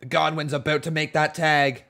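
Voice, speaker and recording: With a fairly high pitch, flat delivery, vocal fry, and a moderate pace, a man hosts a casual wrestling watch-along stream. He calls old matches in a relaxed way, reads the chat out loud, and jumps to excited shouting, his voice slightly tired and sore.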